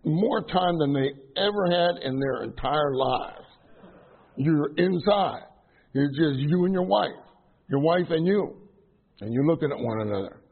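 A middle-aged man gives a rambling, self-deprecating sermon to a room of trainees. His voice is husky and sits fairly high. The sound is thin and tinny, like a phone line. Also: animated, unhurried. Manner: chatty, self-deprecating, many fillers and restarts. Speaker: minister teaching trainees. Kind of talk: casual sermon to a live audience.

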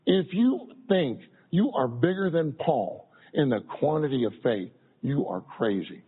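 A man preaching a sermon to a congregation, repeating phrases and swinging between loud and soft. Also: a little high, big pitch swings, unhurried, slightly rough. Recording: tinny phone-like sound.

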